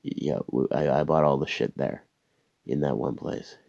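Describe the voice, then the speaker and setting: Very deep gravelly-voiced man ranting. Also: steady tone, measured pace, darkish tone, no room sound. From Canada. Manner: profane, rambling, stammering restarts. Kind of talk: comedic storytelling rant. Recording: dull lo-fi dry recording.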